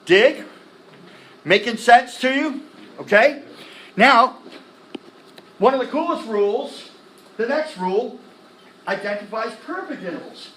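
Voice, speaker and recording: A man teaching music theory in a classroom lecture, animated, firing quick questions at the students and tossing in slang. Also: extremely high pitch, slight background noise. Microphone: laptop recording the lecture. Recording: echoey classroom from a distance.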